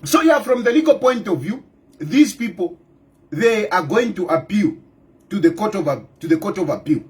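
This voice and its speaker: Middle-aged Zambian male politician, very high and swooping voice, hammers rhetorical questions, bursts into shouts. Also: animated, normal speed. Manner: breaks into loud outbursts. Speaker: opposition party leader. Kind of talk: impassioned political monologue.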